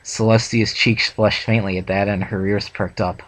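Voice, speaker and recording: A man's voice: on the low side, flat delivery, normal speed, fairly bright tone, a little hiss or hum, poor audio. A man reading a fanfic aloud for a reaction video, stumbling over words and laughing often.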